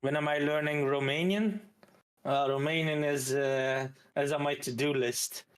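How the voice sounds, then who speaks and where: Flemish belgian guy streaming, kinda high voice, rambly, lots of uhs. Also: fairly even intonation, unhurried, smooth. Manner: chatty, rambling with many hesitations. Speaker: streamer host. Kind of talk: casual stream chat.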